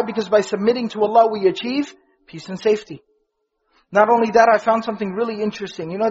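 Male religious teacher, high husky voice, repeats key phrases, dull lo-fi sound. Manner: explanatory, asks and answers his own questions; fluent Arabic terms, repeats key phrases for emphasis. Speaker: Islamic teacher. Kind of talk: religious lecture explaining prayer words.

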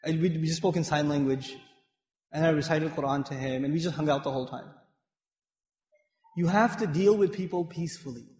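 A man from Pakistan giving a mosque sermon, telling stories in an animated, humorous way. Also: a little high, a little fast, long pauses. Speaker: mosque lecturer. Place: mosque hall with women's gallery upstairs. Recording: echoey hall, dull sound.

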